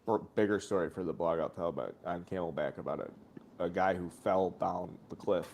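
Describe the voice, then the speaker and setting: While watching a game on a casual sports stream, a co-host with a deep, slightly mellow voice tells a long, rambling story at a brisk clip. He swears plenty and acts out the quotes as he goes.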